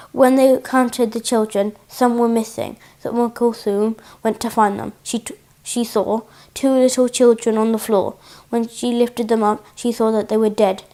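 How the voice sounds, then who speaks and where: A woman reading a religious story aloud for children, gentle and steady, with small restarts. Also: fairly high pitch.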